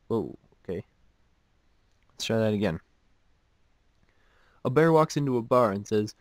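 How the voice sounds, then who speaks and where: Man, mid-pitched voice, casual joke reading, dry self-mocking asides, close dead recording. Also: normal speed, long pauses, no room sound. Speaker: host reading jokes.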